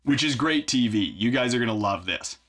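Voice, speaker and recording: Brisk and expressive, his mid-range voice carries a fairly bright tone. The songwriter and vlog host works in his home studio, talking through ideas casually and teasing himself with dry humor.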